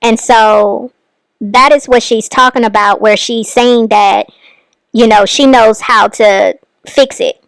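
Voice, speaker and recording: A woman with a high, smooth voice talks casually as she reacts to clips. She sounds close to the mic in a dry space, explaining things like she's chatting with friends. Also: fairly even intonation, takes it slowly, dry recording. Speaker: commentary channel host. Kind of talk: casual commentary.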